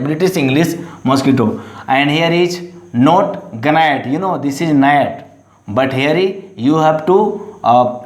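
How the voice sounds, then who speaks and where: Guy teaching an english lesson, kinda high voice, lots of uh and you know, echoey room. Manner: repetitive, halting, many fillers. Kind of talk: classroom lesson explanation.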